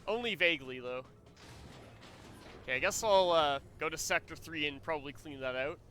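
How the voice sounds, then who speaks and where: A man's voice: a little high, normal speed, pushed and bright, faint music behind. A man streaming a video game, chatting casually as he plays, rambling and joking with frequent laughs. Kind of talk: casual gameplay commentary.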